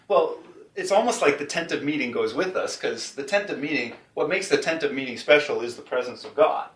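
A man hosting a casual faith discussion, talking in a rambling, animated way and laughing easily. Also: medium pitch, brisk. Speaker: host. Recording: roomy sound, mic at a distance.

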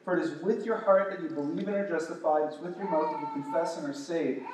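A man's voice: fairly high pitch, steady tone, quick pace. A man with a slightly raised voice teaches scripture with eager energy, tripping over his own restarts. He sounds set back from the mic in a strongly echoing room. A faint hiss sits under him. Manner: enthusiastic, stumbling restarts. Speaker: preacher. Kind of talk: informal Bible teaching. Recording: echoey distant room recording.

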